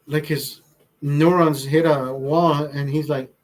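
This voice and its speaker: A man tells a story in a casual, profane way, his voice sitting a bit higher than most men's. He jumps into the voices of the people he quotes as he goes. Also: slow, poor audio. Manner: profane, animated, acts out quotes. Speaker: host.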